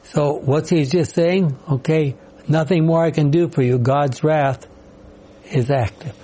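A man's voice: fairly high pitch, steady tone, a little slow, warm tone, rough recording. A man leading a Bible study class, asking questions, explaining passages and calling on members to read. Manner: questioning, explanatory, calls on readers.

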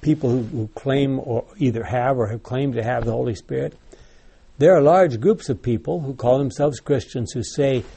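A man's voice: medium pitch, moderate pace, vocal fry, mellow, breathy edge. Guy running a bible study, asks questions, tells stories, lots of restarts. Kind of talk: group discussion leading.

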